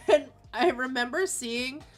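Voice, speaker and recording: A woman chatting casually while she draws, telling animated stories, laughing often, and acting out quotes in squeaky voices. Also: slow. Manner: animated storyteller who acts out quotes in high squeaky voices. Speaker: artist hosting a drawing stream. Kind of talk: casual chat while drawing.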